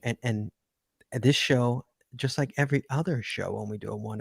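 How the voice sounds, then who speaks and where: Guy hosting a call-in podcast, kinda husky, dry close sound, upbeat and repeats stuff. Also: mid-range voice, brisk, no room sound. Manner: upbeat, repeats himself while hyping callers. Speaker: podcast host. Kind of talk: live call-in podcast chat.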